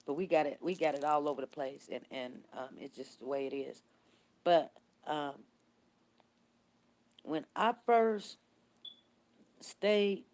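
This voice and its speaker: A woman vlogger in casual live-stream commentary, telling stories to her viewers and answering their comments. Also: fairly low pitch. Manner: animated, conversational storytelling that repeats its points.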